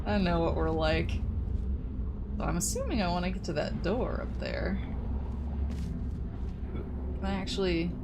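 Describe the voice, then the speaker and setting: A woman's voice: fairly low pitch, measured pace, pauses often, heavy background noise. A young woman streamer chatting casually while playing a game, telling rambling stories and laughing often.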